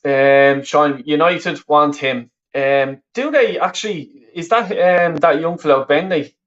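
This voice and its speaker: Slow-paced and fairly high-pitched, with a fairly bright tone, this man's voice comes through dull audio. He's a football watch-along streamer from the west of Ireland who speaks with a Dublin accent, casually commentating live and reading out viewer comments. His talk wanders, full of swearing and restarts.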